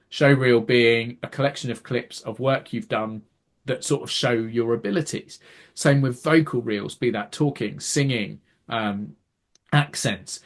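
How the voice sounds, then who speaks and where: A man's voice: medium pitch, unhurried. A man, a podcast co-host who works as an actor, explaining at length in casual chat. He often restarts words and acts out quoted reactions.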